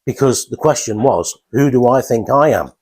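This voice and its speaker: A man gives his first talk in a small lounge, speaking haltingly with restarts and fillers. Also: medium pitch, animated, darkish tone, husky. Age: 50s. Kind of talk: informal talk to a small audience.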